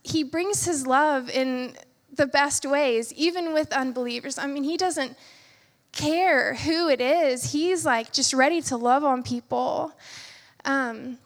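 A young woman, a medical student, giving an earnest church testimony with many fillers and soft asides. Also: high-pitched, slow, long reverb tail. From United States.

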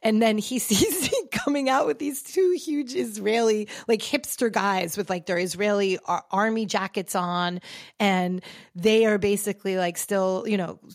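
A woman podcast host tells a story with real feeling. She rambles and restarts often, at a middle pitch. The sound is dry and close to the mic. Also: a little slow, no room sound. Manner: emotional, rambling, with many fillers and restarts. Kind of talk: casual storytelling monologue.

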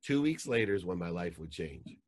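A man with a very low voice tells a deeply personal story as a podcast guest. His delivery is emotional, swinging into animated outbursts as he relives key moments. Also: a little fast.

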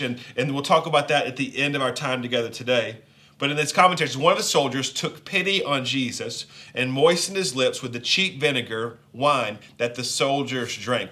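A pastor with a Southern accent delivers a sermon in a loose, conversational style, slipping in jokes and asides. His voice is bright and forceful, and he sits at a middle pitch for a man. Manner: conversational and joking, with playful asides.

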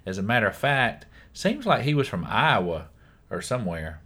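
A man's voice: fairly low pitch, big pitch swings, normal speed, sharp tone, husky. A man with a Southern US accent co-hosting a podcast in casual chat, often saying his co-host's name. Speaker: podcast co-host.

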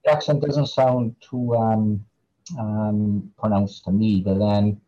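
A man's voice: fairly low pitch, little pitch movement, slow pace, warm tone, lo-fi sound. A man with a Welsh Valleys accent, an author answering interview questions in a hesitant way, with lots of fillers and repeated words. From Wales. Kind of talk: casual interview chat.

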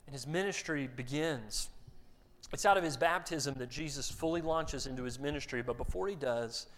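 A man's voice: medium pitch, moderate pace, a bit bright. A man preaching a sermon in a conversational way, often repeating words as he starts a sentence and acting out quoted voices. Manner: acts out quoted voices for emphasis. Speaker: pastor.

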